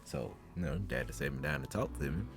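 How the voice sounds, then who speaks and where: A young man, chatting casually and telling family stories with deep-voiced quotes. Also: brisk, creaky, over loud music. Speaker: podcast guest, sibling. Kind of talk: casual chat.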